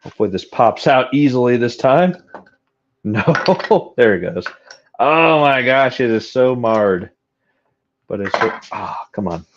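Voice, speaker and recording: A man's voice: mid-range voice, expressive, measured pace, noisy background. A man live-streaming while casting metal, talking to his chat, frustrated and joking at his own expense. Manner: frustrated, self-deprecating, talks to chat. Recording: dull lo-fi sound.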